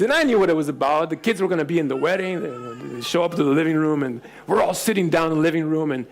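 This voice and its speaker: Middle-aged male pastor, animated storyteller with a fairly high voice who laughs as he acts out voices. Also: racing, few pauses. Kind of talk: storytelling sermon to young adults.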